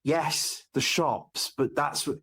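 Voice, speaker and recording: A man's voice: fairly high pitch, slow, breathy edge. A man chatting on a podcast, telling anecdotes animatedly and acting out the exchanges. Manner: animated storyteller, acts out exchanges. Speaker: podcast guest. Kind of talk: casual chat.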